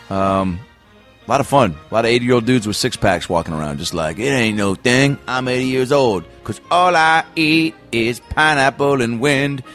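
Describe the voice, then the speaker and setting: A man's voice: fairly low pitch, a bit bright. A man hosting a podcast, reading an ad and introducing the show in a hyped, loose and profane way. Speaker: podcast host. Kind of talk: casual ad read and show intro.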